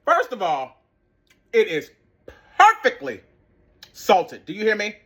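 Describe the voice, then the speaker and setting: A man hosting a home cooking video, talking in a sassy, blunt and animated way with playful exclamations. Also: high voice, normal speed. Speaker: home cooking channel host. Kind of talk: casual cooking tutorial.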